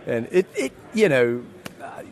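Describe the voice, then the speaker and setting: A man's voice: mid-range voice, big pitch swings, a little slow. A man with a Southern US accent, a magician chatting in an interview, rambling and self-deprecating as he tells folksy stories. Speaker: magician guest. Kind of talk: casual interview chat.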